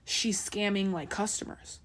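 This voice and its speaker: A woman voicing a subdued teenage girl speaking in a hesitant, low-key way. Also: steady tone, measured pace, fairly bright tone, a little hiss or hum, natural voice.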